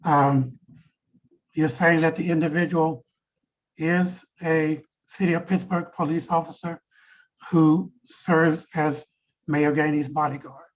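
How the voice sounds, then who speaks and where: Board member, male, asks questions carefully, voice a bit high and flat. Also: low-quality recording. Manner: measured, hesitant. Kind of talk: asking a clarifying question at a meeting. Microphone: video call.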